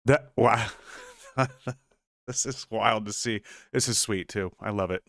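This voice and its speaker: A man co-hosts a political talk show, throwing in sarcastic, mocking asides. His voice is smooth and resonant. It sounds close and dry, with no room around it. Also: fairly low pitch, unhurried, a bit bright, no echo. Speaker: political commentary co-host. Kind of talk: political commentary chat.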